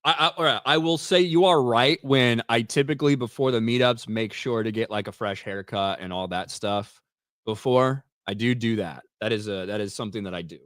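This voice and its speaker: A man's voice: mid-range voice, a little fast, fairly bright tone, no echo, clean studio sound. A young man co-hosting a casual podcast chat, blunt and dismissive, swearing freely. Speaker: co-host.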